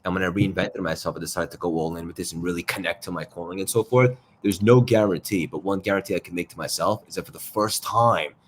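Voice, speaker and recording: Deep-voiced man with a new york accent hosting a live podcast, hyped effusive intros, faint background hum. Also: fast, hardly any pauses. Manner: hype-filled, effusive introductions. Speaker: podcast host.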